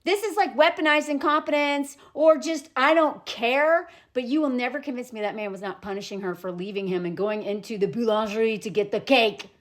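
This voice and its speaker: A woman vlogging to camera, telling a story with animated, indignant commentary. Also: a little high, a little fast, hardly any pauses. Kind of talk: opinionated commentary vlog. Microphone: self-recorded to camera.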